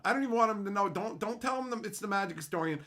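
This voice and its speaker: A man's voice: high voice, lively intonation, very fast, a bit bright. A middle-aged man from Canada hosting a casual livestream, ranting with heavy profanity and mocking silly voices. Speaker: livestream host.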